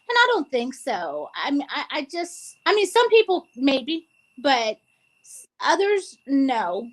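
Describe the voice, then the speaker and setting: A woman's voice: sits high, animated, measured pace, low-quality recording. A woman co-hosting a casual talk show, speaking earnestly and tearfully with many restarts. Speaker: co-host. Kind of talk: emotional casual chat.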